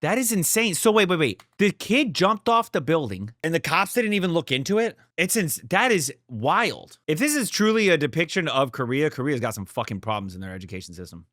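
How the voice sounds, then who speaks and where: A man's voice: on the high side, very animated, a little fast, few pauses, fairly bright tone, dry recording, clean studio sound. A young man hosting a reaction video, talking casually, blunt and profane, often swearing and getting worked up. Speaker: reaction channel host.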